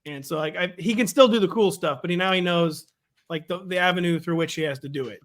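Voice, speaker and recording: A man hosting a casual sports chat. He talks quickly and mocks himself, often chuckling in the middle of a sentence. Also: high-pitched. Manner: quick, self-mocking, chuckles mid-sentence. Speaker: show host running the draft.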